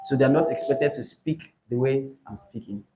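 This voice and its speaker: A man teaching an IELTS speaking class, animated and emphatic, often checking in with "right?". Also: medium pitch, normal speed, creaky, noisy background. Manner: animated, rising to emphatic points, asks "right?". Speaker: IELTS tutor.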